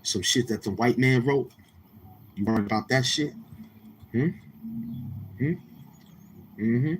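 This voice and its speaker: A man's voice: medium pitch, takes it slowly, pauses often, a little hiss or hum. A man from Queens with a New York accent, hosting a casual livestream and talking to viewers in a brash, profane, confrontational way. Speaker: livestream host.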